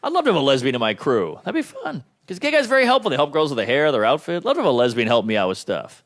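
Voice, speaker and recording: A man doing a stand-up comedy set, delivering deadpan punchlines and briefly voicing the people in his jokes. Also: on the high side, racing.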